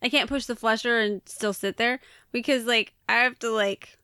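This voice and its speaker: A woman's voice: on the high side, steady tone, moderate pace, bright, forceful tone, clean tone, no echo, clean studio sound. A woman co-hosting a podcast in a casual chat, talking freely and laughing often. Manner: chatty, laughs often, many likes. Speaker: podcast co-host.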